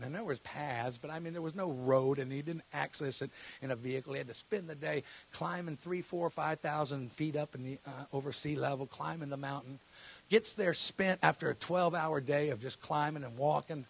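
Gravelly, husky preacher man. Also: a little high, a little fast. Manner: storytelling that builds to shouted exhortation. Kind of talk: sermon. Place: church hall.

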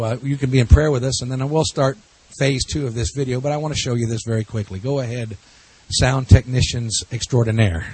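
A husky-voiced man stands before a congregation and talks as a pastor. His delivery is folksy and loose, full of jokes and stories. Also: mid-range voice. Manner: folksy, jokey storytelling with laughs. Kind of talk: church talk to a congregation.

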